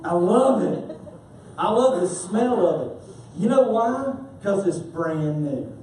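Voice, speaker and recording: A man preaching a sermon as a pastor, telling stories with animated humor. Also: high-pitched, slow pace, a little hiss or hum. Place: church sanctuary. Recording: echoey church hall from far off.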